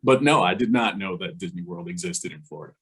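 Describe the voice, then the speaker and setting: A man's voice: sits low, quick pace, fairly bright tone, husky. A man, an engineer guest in an interview, telling his career story conversationally, chuckling often and acting out the dialogue he recalls.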